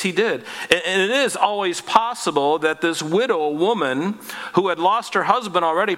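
Male pastor, earnest conversational sermon, bright tone, reverberant sanctuary. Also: high-pitched. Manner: earnest, conversational preaching with rhetorical questions.

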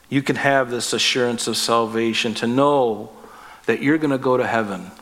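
A man's voice: medium pitch, normal speed, fairly bright tone, in a large hall. A man preaching a sermon as pastor, earnest and emphatic, asking the listeners direct questions.

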